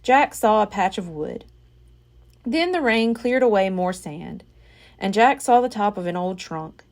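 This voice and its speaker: A woman reading a children's chapter book aloud as a library storyteller, expressive and unhurried. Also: mid-range voice.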